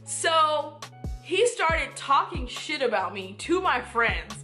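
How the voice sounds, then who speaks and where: A young woman with a high, bright voice rattles through a casual storytime, animated and blunt, swearing freely. She acts out what everyone said as she goes. Faint music plays behind her. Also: slow pace.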